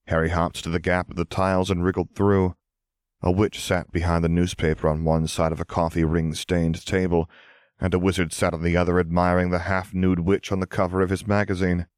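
Deep-voiced male audiobook narrator. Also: level tone, moderate pace, smooth, no room sound, clean studio sound.

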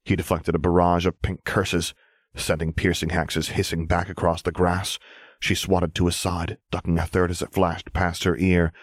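Male audiobook narrator, very low voice, steady, dry close recording. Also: normal speed, dry recording. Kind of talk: scripted fiction narration.

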